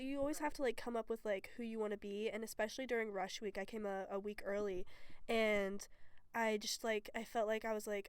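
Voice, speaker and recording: A woman's voice: medium pitch, steady tone, brisk, clear, resonant tone, no echo. A young woman from Texas, a student guest, talking casually and filling speech with "like". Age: young adult. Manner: chatty, peppered with "like". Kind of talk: casual chat.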